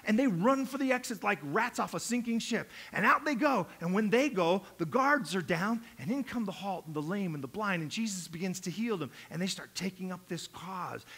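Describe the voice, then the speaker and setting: A male pastor preaching a sermon, acting out quotes and swinging from hushed asides to loud, urgent lines. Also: high voice, expressive, normal speed, few pauses.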